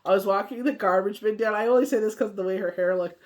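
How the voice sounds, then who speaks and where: A woman's voice: medium pitch, fast. A woman gives a casual daily tarot reading in a loose, rambling way, dropping "you know" and "like" into nearly every sentence. She laughs easily as she talks. Her voice sounds tired, as though she is worn out from coughing. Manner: laughs often while telling stories. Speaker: tarot card reader.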